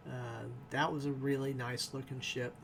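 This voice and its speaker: A man's voice: medium pitch, level tone, moderate pace, creaky, noisy background. A man casually reviewing a TV episode, rambling and chuckling as he goes.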